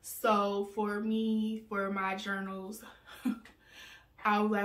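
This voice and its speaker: A woman's voice: mid-range voice, extremely slow, bright, forceful tone, recorded from a distance, slight background noise. Woman vlogger, candid casual talk, frequent laughs, reverberant room, mic set back. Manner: earnest and candid, laughs often, many "um"s. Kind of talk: casual personal vlog talk. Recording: roomy sound, mic set back from her.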